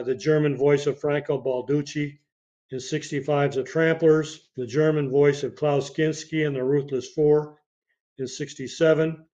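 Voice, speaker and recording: A man hosting a podcast, reading obituaries with dates and film credits in a steady way, now and then slipping and starting a phrase again. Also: a little high. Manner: reads dates and credits steadily, with occasional slips and restarts. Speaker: podcast host. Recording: dull lo-fi podcast audio.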